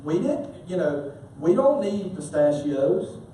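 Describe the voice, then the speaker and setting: A man preaching a sermon as a pastor, telling stories with animated humor. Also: a little high, slow pace, a little hiss or hum. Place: church sanctuary. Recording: echoey church hall from far off.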